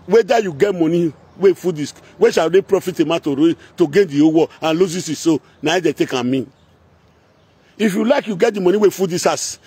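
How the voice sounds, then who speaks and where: Fairly high and animated, a little fast, this man's voice is mellow yet slightly rough. Speaking with a Nigerian Pidgin Edo accent, he delivers a heated, confrontational rant that drifts between speech and singsong, repetitive chanting.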